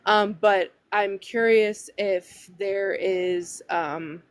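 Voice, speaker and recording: A woman's voice: medium pitch, fairly even intonation, drawn-out words, smooth, no echo. Hesitant woman caller in her thirties. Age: 30s. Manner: hesitant, many fillers.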